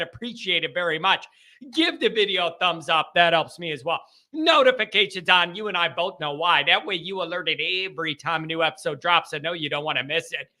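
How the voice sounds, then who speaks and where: A male host of a sports call-in show, talking in an excited, emphatic way. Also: high-pitched. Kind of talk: fan radio call-in chat.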